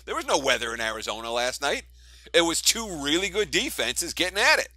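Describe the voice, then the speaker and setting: A man's voice: on the high side, sing-song, a little fast, bright, forceful tone, dry recording. A man co-hosting a sports betting show, breaking down results in chuckling, analytical talk.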